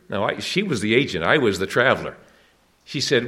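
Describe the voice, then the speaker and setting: A man's voice: on the low side, expressive, a little fast, pushed and bright. Earnest preacher man. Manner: earnest, with rising emphatic questions. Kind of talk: evangelistic sermon.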